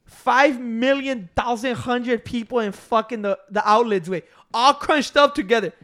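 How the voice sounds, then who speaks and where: A man's voice: very high voice, measured pace, fairly bright tone. A man ranting and telling stories in casual chat, swearing a lot and acting out what people said. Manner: profane, ranting, storytelling with acted-out quotes.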